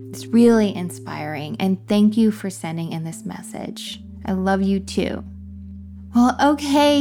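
A woman podcast host, speaking in a gentle, affirming, soft-spoken way on a spiritual advice show. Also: medium pitch.

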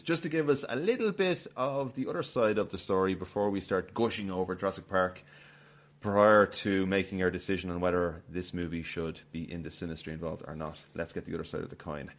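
A man hosting a casual film podcast, chatty and loose, often laughing. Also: low voice. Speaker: podcast host.

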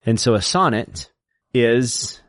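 A man co-hosting a podcast, explaining poetic meter in a lecturing way and reciting lines slowly to show the stresses. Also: mid-range voice, very animated, fairly bright tone, no room sound, clean studio sound. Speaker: podcast co-host explaining poetry. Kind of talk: casual explanatory chat.

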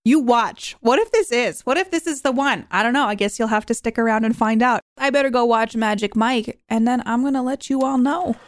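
A woman's voice: on the high side, brisk, few pauses, no echo, studio quality. A young woman hosting a podcast, chatting casually and rambling as she reviews a movie. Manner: chatty, rambling, self-questioning. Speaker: podcast host.

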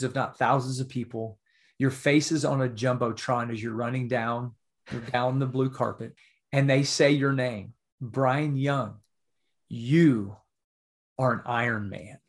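Middle aged guy on a podcast, earnest heartfelt storytelling, average pitch. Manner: earnest, emotional storytelling with frequent "right?" asides. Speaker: podcast guest, author.

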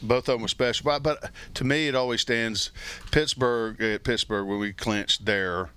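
An older man, a former baseball pitcher, telling stories in a relaxed, rambling chat with many restarts and fillers. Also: normal speed, clean tone. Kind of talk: casual storytelling chat.

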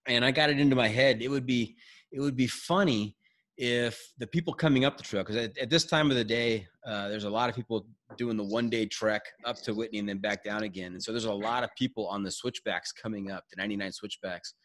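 A man hosting a podcast, telling a hiking story in casual chat, quick and animated with frequent restarts. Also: on the low side. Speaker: podcast host.

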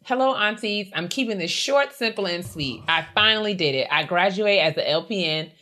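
A woman co-hosting a podcast, reading listener letters aloud with animated, affectionate banter. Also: mid-range voice, normal speed. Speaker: podcast co-host.

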